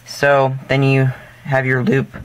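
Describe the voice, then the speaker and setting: A man of ordinary pitch walks through a craft project step by step, in a loose, casual way. He rambles, corrects himself mid-sentence and leans on fillers. Now and then he slips in a goofy, self-deprecating joke. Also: completely flat delivery, slow, clear, resonant tone. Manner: jokey and self-deprecating asides. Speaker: craft tutorial host.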